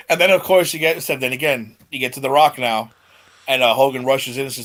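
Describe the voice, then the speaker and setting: On a relaxed podcast, a man with a normal-pitched voice speaks at normal speed with long pauses. He energetically retells stories, performs the quoted lines in character, and laughs a lot.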